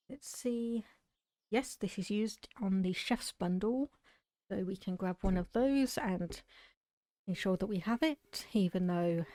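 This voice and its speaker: Measured British woman streamer. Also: medium pitch, dark tone, no room sound. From United Kingdom. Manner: measured, explanatory. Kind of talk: casual game commentary.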